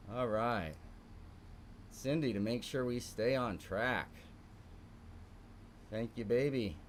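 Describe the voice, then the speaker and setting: A man's voice: medium pitch, slight background noise. A middle-aged man with a Texan accent, teaching a live online morning art class, emphatic and repeating phrases for stress. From Texas.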